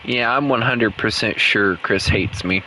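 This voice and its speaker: A man's voice: lowish voice, a little slow, noisy background. A young man casually chatting while streaming a game with viewers, joking and mocking himself, often breaking into laughs.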